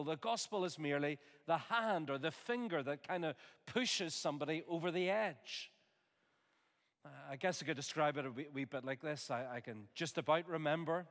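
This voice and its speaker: A man preaching a sermon in an earnest, measured way, with homely asides. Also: a little high. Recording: long reverb of a large hall.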